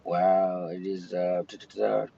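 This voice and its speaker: A man's voice: low voice, level tone, a little slow, creaky, mellow, lo-fi sound. Rambling man chatting on a livestream. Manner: rambling, greets chat viewers mid-thought. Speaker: livestream host. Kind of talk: casual live-stream chat. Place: in or near his car.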